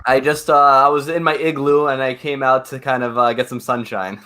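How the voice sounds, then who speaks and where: A man's voice: medium pitch, fairly even intonation, a little fast, bright, forceful tone. A man from Canada joining a live stream as a guest, friendly and joking, with many fillers. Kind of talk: casual chat.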